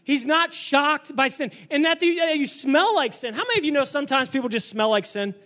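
A man preaching a sermon to a church congregation, energetic and emphatic, sometimes building up to shouting. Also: very high-pitched, brisk. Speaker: pastor.

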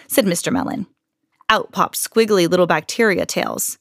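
Animated, expressive woman reading a story. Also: mid-range voice, normal speed, no room sound, clean studio sound. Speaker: podcast host reading aloud. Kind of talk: children's story read-aloud.

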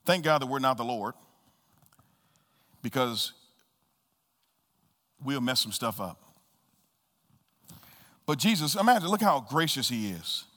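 A man preaching a sermon as pastor, swinging between soft low murmurs and high loud calls and repeating key phrases for emphasis. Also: sing-song, slow, long pauses, long reverb tail. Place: church sanctuary.

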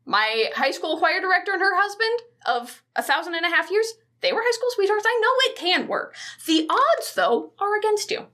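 A woman co-hosting a podcast, recapping a movie in casual chat, animated and cursing freely with jokey asides. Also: very high voice, normal speed, few pauses. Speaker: podcast co-host.

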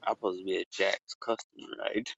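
A man co-hosting a casual chat podcast, rambling loosely and swearing, with sudden high exclaims. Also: fairly even intonation, a little fast, vocal fry, fairly bright tone, breathy edge, dry recording. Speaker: podcast co-host. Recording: dull lo-fi sound.

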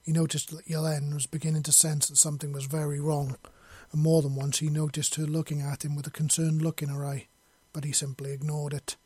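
Husky man reading a dark story. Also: on the high side, flat delivery, brisk, few pauses, no room sound. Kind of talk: scripted narration of a fantasy story.

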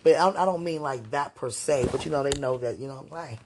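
Speaking briskly in a bass voice with background noise behind her, a spiritual podcast host talks to a loved one. She's giggly and effusive, wandering through her thoughts and saying "you know" a lot.

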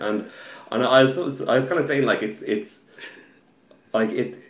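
A man telling a story about a card game match in casual podcast chat, halting and repeating words, getting animated as the story builds. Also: mid-range voice, reverberant.

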